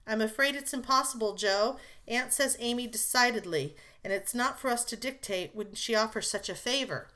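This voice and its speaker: Woman reading calm kind mom, gentle but firm. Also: on the high side, moderate pace, hardly any pauses. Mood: gently firm. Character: gentle, calm mother of grown daughters.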